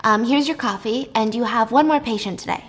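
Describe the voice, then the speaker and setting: A woman's voice: fairly high pitch, a little fast, close to an everyday voice. A woman voicing a young female secretary who stammers apologetically. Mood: flustered.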